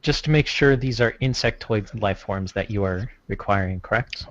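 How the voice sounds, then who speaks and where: A man playing a tabletop role-playing game, asking friendly quick questions. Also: on the low side, dry recording. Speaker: player. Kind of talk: casual tabletop game talk. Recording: dull, dry lo-fi mic.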